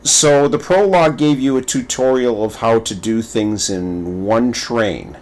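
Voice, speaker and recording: A man's voice: medium pitch, measured pace. A man giving casual gaming commentary who rambles, repeats words and stumbles through his thoughts. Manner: animated, playful storytelling. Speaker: gaming video creator.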